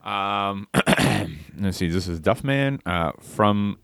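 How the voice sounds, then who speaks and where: A man co-hosting a comedic podcast, joking with some hesitant pauses. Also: fairly low pitch, lively intonation, gravelly, fairly bright tone, clean tone, no room sound, clean studio sound. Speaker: podcast co-host. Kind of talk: casual comedic chat.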